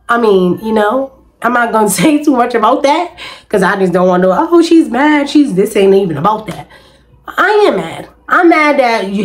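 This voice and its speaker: A woman's voice: medium pitch, rough recording. A woman vlogger, venting emphatically and repetitively in casual talk to camera.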